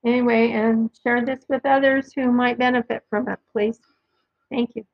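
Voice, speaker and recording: A woman with a somewhat high voice reads Bible passages aloud for her podcast. She stops now and then to explain who is speaking or to cite chapter and verse. The recording sounds dull and lo-fi. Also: steady tone, normal speed, gravelly. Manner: reads verses aloud, adds asides and references. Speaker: podcast host reading scripture. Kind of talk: casual Bible reading with commentary.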